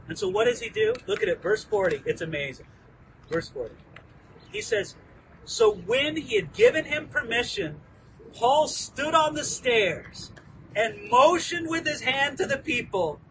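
A man teaching the Bible outdoors as a pastor, lively and acting out quoted lines. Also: very high-pitched, measured pace, distant mic, noisy background. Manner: animated, acts out quoted lines. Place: outdoors within view of a landmark hill.

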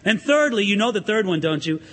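A pastor preaching an animated sermon in a church, asking the congregation questions and swinging his emphasis up and down. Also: high voice, a little fast, in a large hall.

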